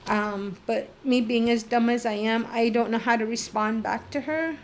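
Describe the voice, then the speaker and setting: A woman's voice: fairly high pitch, fairly even intonation, moderate pace, slight background noise. A middle-aged woman telling her own life story as a podcast guest, candid and emotional, with lots of "like" fillers and a blunt swear now and then. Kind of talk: personal storytelling.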